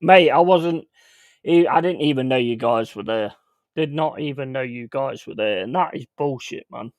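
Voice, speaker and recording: A man's voice: medium pitch, normal speed, no echo. A man hosting a casual livestream, talking bluntly and with plenty of swearing. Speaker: streamer host. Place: home.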